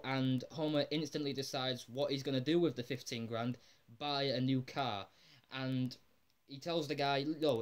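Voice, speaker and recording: Rambling man recapping an episode. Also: mid-range voice. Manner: rambling and excitable, full of "like" and casual swearing. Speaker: episode reviewer. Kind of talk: casual spoken episode recap.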